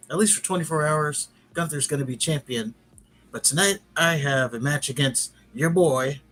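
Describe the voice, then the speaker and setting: A man's voice: mid-range voice, fairly bright tone. A man hosting a podcast, giving a casual, rambling recap with frequent restarts. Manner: rambling, chatty retelling with restarts. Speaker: podcast host.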